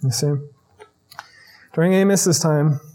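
Guy with a high voice giving a chatty sermon, lots of "right?", big hall echo. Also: takes it slowly, dark tone. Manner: conversational, checks in with "right?" asides. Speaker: preacher. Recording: long reverb of a large hall.

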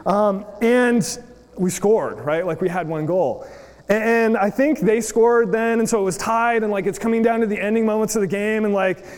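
A man's voice: high-pitched, normal speed, darkish tone, in a large hall. A man in his thirties from the United States giving a chatty sermon, telling a story with many fillers. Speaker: preacher.

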